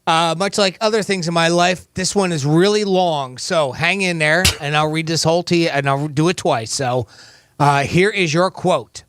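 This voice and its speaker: A man's voice: on the high side, moderate pace, a bit bright, smooth, dry recording. Jokey male radio host, dry mic. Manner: jokey, laughs often. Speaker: radio show host running a giveaway. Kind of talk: joking radio banter.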